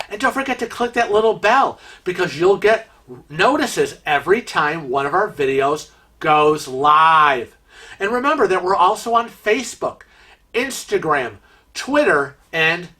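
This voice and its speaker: A man's voice: fairly high pitch, bright, forceful tone, slight background noise. A man hosting a cruise vlog, telling a story in an exasperated, rhetorical rant full of fillers and restarts. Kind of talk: storytelling monologue.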